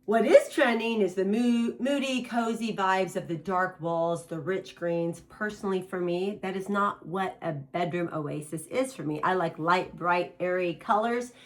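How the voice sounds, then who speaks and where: A middle-aged woman giving a casual home design tutorial in her bedroom, offering emphatic advice straight to her viewers. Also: mid-range voice. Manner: emphatic, animated advice with direct address to viewers.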